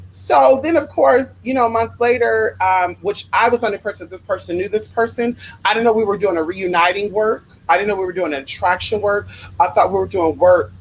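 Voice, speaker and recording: A spiritual worker telling rambling stories to viewers in a sassy, profane, animated way, often drifting into side tangents. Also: slight background noise, low-quality recording. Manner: profane, sassy and animated, with big pitch swings. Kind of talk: casual storytelling to viewers.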